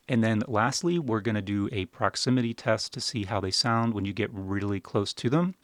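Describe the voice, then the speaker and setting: With a fairly low voice at a moderate pace and hardly any pauses, a man walks through a podcast microphone review step by step, relaxed and wry. He talks close into a studio dynamic mic at his home setup, with no echo.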